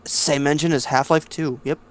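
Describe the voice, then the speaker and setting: A man's voice: on the high side, steady tone, moderate pace. Dry sarcastic man guiding a game. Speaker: game guide. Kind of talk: let's play co-commentary.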